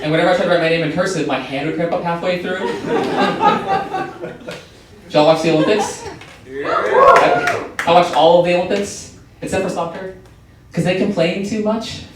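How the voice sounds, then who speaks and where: A young man doing a stand-up set on a comedy club stage, delivering dry, deadpan one-liners into a stage microphone. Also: high voice, normal speed, pauses often. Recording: echoey club, mic from far, noisy.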